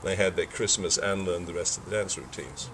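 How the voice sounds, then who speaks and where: A man's voice: deep voice, fairly quick, a bit bright, a little hiss or hum. An older man, a film director, answering interview questions in rambling talk with frequent restarts and self-corrections. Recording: voice from a distance from the mic.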